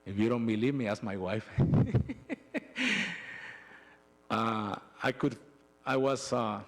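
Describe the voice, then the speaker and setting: A middle-aged man giving a personal testimony in a church, telling his story in an emotional, halting way with frequent restarts. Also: on the low side, fairly even intonation, gravelly. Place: church sanctuary.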